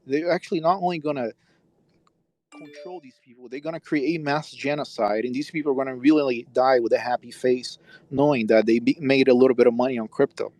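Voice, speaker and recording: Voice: mid-range voice, steady tone, a little fast, darkish tone. A speaker ranting scornfully in an online audio chat room over a phone mic.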